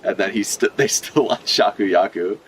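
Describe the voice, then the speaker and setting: A young man giving excited, joking live reaction commentary, swearing freely and laughing a lot. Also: fairly low pitch, moderate pace, slight background noise. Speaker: manga reaction streamer.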